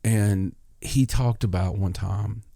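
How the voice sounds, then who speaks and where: A man's voice: on the low side, steady tone, slow, creaky, dark tone, no echo, studio quality. A man hosting a podcast, casually telling a story and acting out both sides of an argument. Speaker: podcast host.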